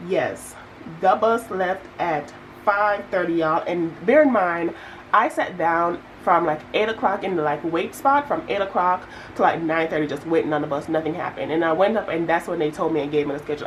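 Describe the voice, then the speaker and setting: A young woman, chatting casually to viewers as she works through her budget, telling stories with lively asides. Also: fairly low pitch, normal speed, slight background noise, rough recording. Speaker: budgeting vlogger. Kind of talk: casual chat while budgeting.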